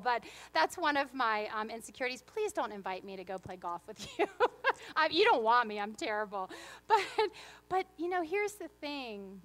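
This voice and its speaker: A woman's voice: high voice, sing-song, normal speed, a bit bright. A woman pastor giving a sermon in a church, moving between earnest reflection and playful, humorous storytelling. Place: church sanctuary.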